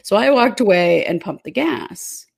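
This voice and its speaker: A woman's voice: mid-range voice, animated, measured pace, creaky, no room sound, clean studio sound. A woman co-hosting a true crime podcast in casual chat, adding details to the story and acting out what people said. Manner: chimes in with details and acted quotes.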